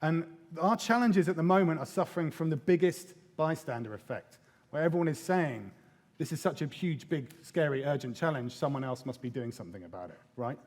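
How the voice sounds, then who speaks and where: A man giving a lively, irreverent conference talk, with casual swearing and small acted quotes. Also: a little high, brisk. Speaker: conference speaker. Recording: long hall reverb.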